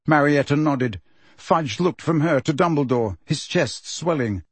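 Husky guy reading an audiobook, lively ups and downs, dry close sound. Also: a little high, no room sound. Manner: expressive, measured storytelling. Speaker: audiobook narrator. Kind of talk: audiobook narration.

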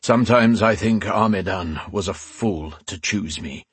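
A man voicing a powerful, weary old male ruler who speaks in a grave, measured way and sometimes growls. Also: low-pitched, husky, dry recording.

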